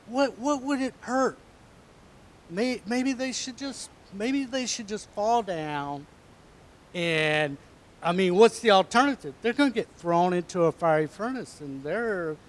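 Male pastor with a fairly high voice, giving a slow-paced, animated children's sermon with hushed asides. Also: a little hiss or hum.

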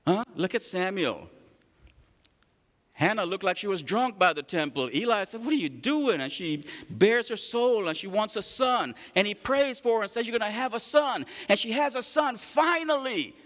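A male preacher giving an animated sermon, calling on the congregation to respond and acting out stories. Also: high-pitched, moderate pace. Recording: long hall reverb.

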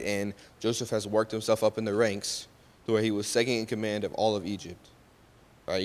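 A man casually retelling a Bible story, often checking in with his listeners and correcting his own slips. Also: fairly low pitch. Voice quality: loose and conversational, often checks with "right?" and corrects himself. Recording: long hall reverb.

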